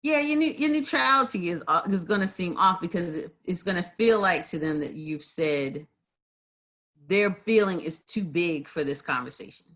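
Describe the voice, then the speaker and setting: Lively storytelling woman on a video call. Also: on the low side, moderate pace. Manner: animated storyteller, acts out quotes, many fillers. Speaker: community mediator co-hosting a livestream. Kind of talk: casual conversational chat.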